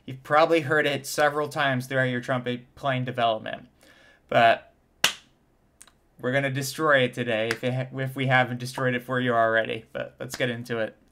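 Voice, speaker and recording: A man's voice: medium pitch, little pitch movement, brisk, a bit bright, a little hiss or hum. Man breaking down trumpet technique. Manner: demonstrates vowels and tonguing sounds aloud. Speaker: trumpet teacher reacting to an interview. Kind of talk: casual explanatory commentary. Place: home studio in front of a camera.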